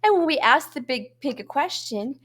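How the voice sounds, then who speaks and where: A woman music teacher giving a lesson to young children, talking in an animated way and swooping between high and low voices. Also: moderate pace.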